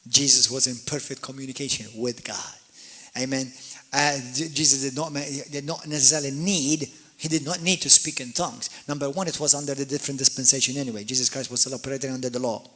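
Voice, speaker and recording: A man preaching a sermon, swinging from quiet explanation to loud calls with frequent hallelujahs and amens. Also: mid-range voice, fairly even intonation, fairly quick. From Malta. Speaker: pastor.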